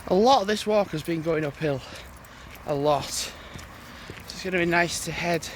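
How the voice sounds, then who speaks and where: A man chats into his phone while walking outdoors, audibly out of breath. His voice sits a little high, and he rambles loosely from one thought to the next with frequent sighs. Faint noise hangs behind him. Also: moderate pace. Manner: rambling, chatty, sighs often. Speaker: vlogger. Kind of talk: casual vlog chat while walking. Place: outdoors on a walk. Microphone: phone held while walking.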